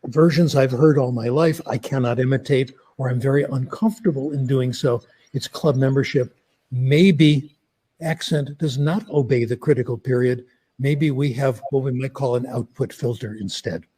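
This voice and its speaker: An older man explaining an academic idea through relaxed, conversational anecdotes. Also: medium pitch, moderate pace, slightly rough. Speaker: guest speaker.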